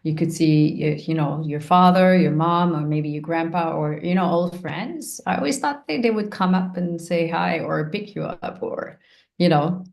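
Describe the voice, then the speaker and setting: A woman's voice: on the low side, normal speed, vocal fry, darkish tone. A woman co-host asking questions in casual talk, hesitant, trailing off and restarting her phrases. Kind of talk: casual conversation.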